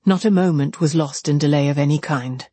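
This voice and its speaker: A narrator giving a measured, even reading of a classic novel. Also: mid-range voice, husky, no echo. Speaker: audiobook narrator.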